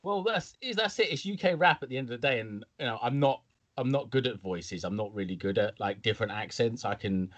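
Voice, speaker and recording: A man's voice: medium pitch, lively intonation, fairly quick. A young man telling a story casually on a podcast, now and then putting on voices. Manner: laid-back storytelling, slips into mock voices. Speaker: podcast co-host.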